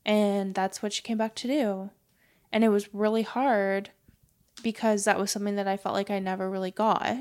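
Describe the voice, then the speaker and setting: A young woman talking in a casual podcast conversation, soft-spoken and hesitant, with lots of fillers. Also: mid-range voice, little pitch movement, normal speed. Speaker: podcast guest.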